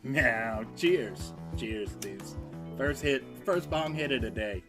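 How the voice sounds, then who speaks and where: A man's voice: medium pitch, animated, music in the background. A man hosting a casual livestream, talking loosely and coughing between lines. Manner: laid-back, slow and loose, sings meows and theme hums. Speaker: livestream host. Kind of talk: casual rambling livestream chat.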